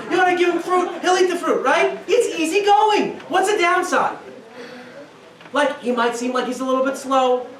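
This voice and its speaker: A high-voiced man in his thirties delivers a lively parenting lecture as a rabbi, often laughing and acting out voices. He sounds a little distant from the mic, and the room echoes around him. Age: 30s. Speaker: rabbi, guest speaker. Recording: roomy, from a distance, faint noise.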